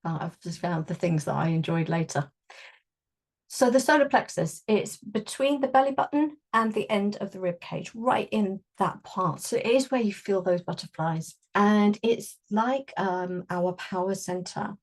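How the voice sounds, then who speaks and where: A woman teaches a relaxed energy-healing workshop. Her voice sits in a middle register, and she explains things conversationally, with softly guided affirmations. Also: mid-range voice, a little slow.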